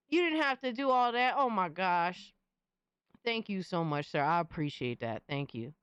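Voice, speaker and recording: A woman's voice: lowish voice, lively intonation, moderate pace, clean tone, no echo. A young adult woman hosting a live stream in casual chat. She swears freely and coos at her cat.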